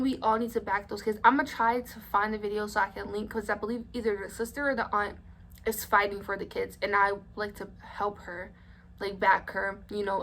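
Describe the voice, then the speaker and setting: A woman's voice: mid-range voice, a bit bright. A young adult woman telling a story-time vlog in a blunt, indignant way, swearing freely. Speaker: vlogger.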